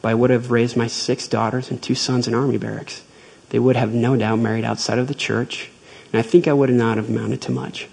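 Gravelly, husky-voiced man telling a story. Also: medium pitch, little pitch movement, a little mellow, rough recording. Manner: measured, earnest storytelling. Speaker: speaker retelling a faith story. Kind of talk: devotional talk with storytelling.

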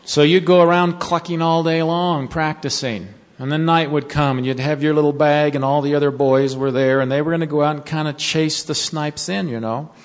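A man giving a sermon to college students, telling a folksy story and then slowing to earnest counsel. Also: fairly high pitch, steady tone. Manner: storytelling, turning slow and earnest. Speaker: devotional speaker to college students. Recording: long reverb of a large hall.

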